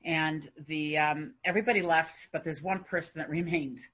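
A woman giving a religious talk, telling a story in an earnest, unhurried way and then fervently urging her listeners. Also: deep voice, fairly even intonation, slightly rough. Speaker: religious teacher. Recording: dull lo-fi recording.

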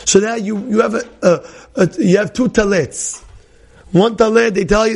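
A male rabbi teaches with energy, circling back to repeat his points and slipping into voices for the characters he describes. His voice is high for a man, with a gravelly, husky grain. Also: normal speed. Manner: animated, repeats phrases, acts out quoted people. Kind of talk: lively Torah class to a small group.

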